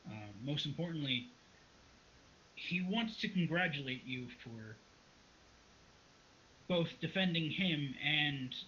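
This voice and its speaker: An anxious clerk stammers and hedges through every sentence, as a man plays him. The voice is bright and forward. The recording sounds muffled and lo-fi. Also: on the high side, slight background noise, heavily acted. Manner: stammering, hesitant. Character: nervous stammering male court clerk. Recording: dull lo-fi recording.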